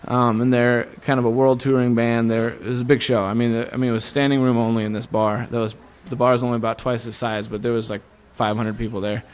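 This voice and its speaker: A man's voice: mid-range voice, fast, hardly any pauses, clear, resonant tone. A young man from Iowa, a guest musician, telling casual stories in an interview and acting out the voices of the people in them. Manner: animated storyteller who acts out quoted voices.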